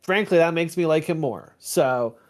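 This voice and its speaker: A man's voice: a little high, lively intonation, moderate pace. A man playing a tabletop role-playing game in character, grumbling and swearing in exasperation. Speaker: player.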